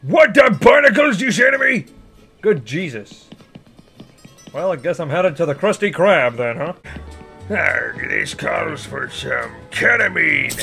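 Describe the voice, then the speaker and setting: A gruff, greedy old crab boss with salty, pirate-like growls and a high, bright voice that swoops wildly up and down. He narrates a video game in character and yells frantically, and faint music plays underneath. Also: big pitch swings, measured pace, full character voice. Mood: gruff excited. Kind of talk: in-character gaming commentary.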